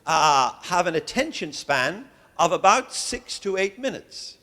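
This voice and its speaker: Speaking a little slowly, this man has a high, very animated voice that sounds pushed and bright. He's a visiting professor from Ireland with an Irish accent, joking genially through a lecture to religious educators in a lecture hall, with plenty of hesitations.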